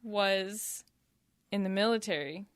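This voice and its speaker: A woman's voice: medium pitch, takes it slowly, smooth, no room sound, clean studio sound. A woman co-hosting a casual podcast, rambling through stories and laughing as she talks. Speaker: podcast co-host. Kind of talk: casual chat.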